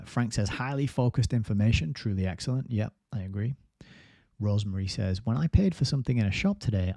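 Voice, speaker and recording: A man's voice: lowish voice, warm tone, no echo, clean studio sound. A man hosting a book review livestream, rambling casually and reading viewer comments aloud. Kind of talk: casual live-stream chat.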